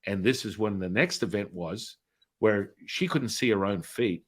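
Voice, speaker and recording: A man's voice: fairly low pitch, moderate pace, fairly bright tone, breathy edge. A middle-aged man, a spiritual healer, telling a story in a casual interview and acting out the voices of people in it.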